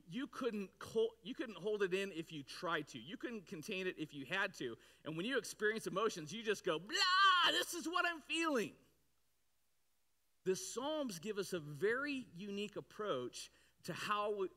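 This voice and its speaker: A man with a bright, forceful voice sitting a little high preaches a sermon in a church. He talks conversationally to the congregation, then breaks into sudden loud cries to drive his point home. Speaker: pastor.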